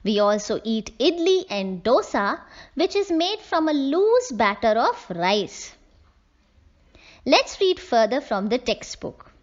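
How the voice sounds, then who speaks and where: Slow, lively woman teacher. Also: a little high, muffled recording. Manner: slow, clear explaining, spells words letter by letter. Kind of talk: classroom lesson reading from a textbook.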